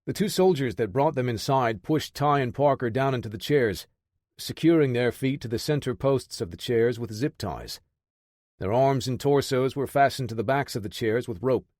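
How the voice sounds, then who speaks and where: A man reading a military action audiobook in steady, measured storytelling. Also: mid-range voice, dry recording, clean studio sound. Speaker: audiobook narrator. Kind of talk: scripted audiobook narration.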